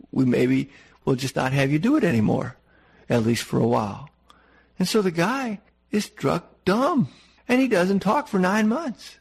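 A man delivering a folksy, conversational sermon. His voice is gravelly and a little husky, and he talks plainly to the congregation. He often stops to correct himself mid-sentence. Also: fairly high pitch. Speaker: preacher.

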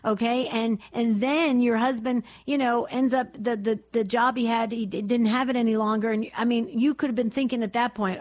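Radio host: woman with a higher voice, gushing, stumbles and repeats herself. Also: steady tone, moderate pace, hardly any pauses, darkish tone. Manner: effusive, repetitive, stumbling restarts. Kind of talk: call-in radio talk.

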